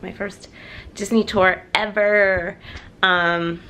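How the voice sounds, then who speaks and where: A young woman chats excitedly to her handheld camera, her voice still croaky from having just woken up. Traffic and street noise run clearly behind her. She talks with many fillers and an eager tone. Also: medium pitch, slow pace. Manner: chatty, excited, lots of fillers. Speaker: travel vlogger. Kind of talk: casual vlog chat. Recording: noisy outdoor street background.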